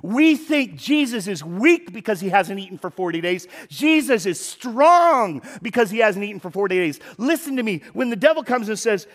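A man preaching a sermon in a conversational, animated way, with sudden loud bursts for emphasis. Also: high voice, moderate pace, few pauses. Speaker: pastor. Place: church sanctuary.

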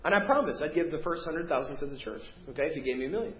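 A man preaching a sermon as pastor, animated and acting out the voices of the people in his story. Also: on the high side, rapid-fire. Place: church sanctuary. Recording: roomy, dull church recording.

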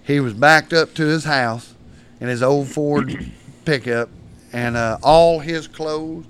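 A man's voice: fairly high pitch, slow pace, clear, resonant tone. A man, a podcast guest telling rowdy stories with lots of laughter. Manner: rowdy, laughing, acts out shouted quotes. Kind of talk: storytelling in casual chat.

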